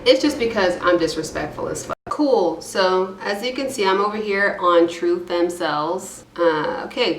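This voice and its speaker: A woman's voice: lowish voice, measured pace, creaky, hardly any pauses, echoey room. A woman giving casual, irreverent commentary while reading forum posts aloud, with rambling, self-deprecating asides. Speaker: YouTube commentator.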